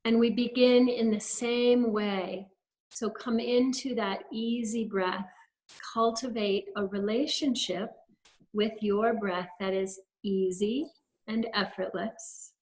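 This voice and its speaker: A holistic health practitioner leads a guided breathing session on a webinar video call, giving gentle instructions one step at a time. She speaks slowly in a slightly high, steady voice, and the recording is rough.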